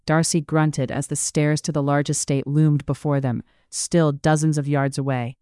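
An audiobook narrator reading a period novel in an even, measured way. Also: mid-range voice, clean tone, no room sound, clean studio sound.

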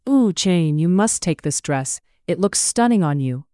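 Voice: medium pitch, lively intonation, a little slow, warm tone, no echo, clean studio sound, lightly acted. A narrator voicing a fussy, doting middle-aged mother in an audiobook, gushing and fretful. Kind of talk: audiobook character voice.

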